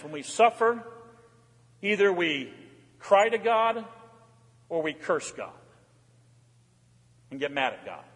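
A middle-aged male pastor with a notably high voice preaches a fervent sermon, swinging from raised cries to quiet, low asides. His voice rings with a long reverb through the church hall. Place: church sanctuary.

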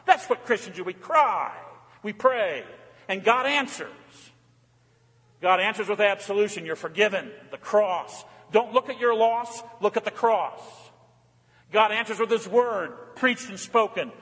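High-voiced pastor preaching in a reverberant church. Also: male voice, animated, measured pace. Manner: fervent preaching, swinging from raised cries to soft low asides. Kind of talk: sermon. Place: church sanctuary.

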